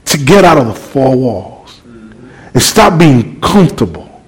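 A man preaching a sermon, telling a story with lively, animated delivery that climbs toward near-shouting. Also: medium pitch, measured pace, husky, poor audio. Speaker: pastor.

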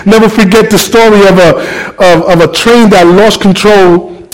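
A middle-aged pastor with a high voice delivers a passionate sermon. He moves between ringing calls and quiet, low, heartfelt moments. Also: fairly even intonation, moderate pace, rough recording. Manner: passionate preaching, shifts between loud calls and soft low reflection.

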